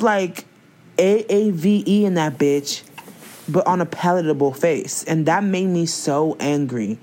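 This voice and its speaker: A woman's voice: fairly low pitch, expressive, a little slow, dark tone. A young woman co-hosting a casual chat, emphatic and ranting with lots of slang and swearing.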